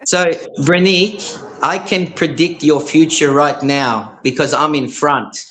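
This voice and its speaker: A man's voice: fairly high pitch, measured pace, fairly bright tone, rough recording. A man from Australia calling in to a live show, chatting in a rambling way and repeating his words. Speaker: caller. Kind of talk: casual chat.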